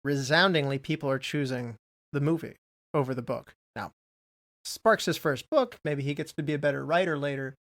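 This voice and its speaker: A man's voice: a little high, moderate pace, a bit bright. A man co-hosting a film podcast, chatting casually and reading out trivia in a rambling way. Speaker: podcast co-host.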